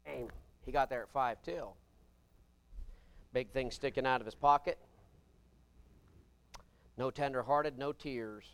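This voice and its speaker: A man preaching a sermon, folksy and humorous, swinging between loud emphatic bursts and quiet asides. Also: mid-range voice, slow, long pauses.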